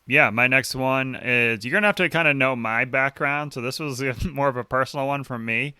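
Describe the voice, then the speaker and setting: A man's voice: mid-range voice, normal speed, pushed and bright, clear, resonant tone, no echo, studio quality. A young adult man co-hosting a book club podcast in casual chat, joking around and laughing often. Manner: jokey, reads quotes aloud, laughs often. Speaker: podcast co-host.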